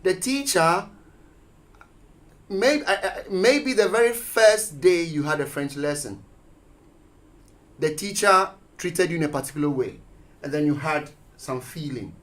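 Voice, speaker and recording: Animated man telling school stories. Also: on the high side, a little slow, pauses often. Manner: animated storyteller, acts out quotes. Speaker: guest teacher. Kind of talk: radio discussion. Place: radio studio.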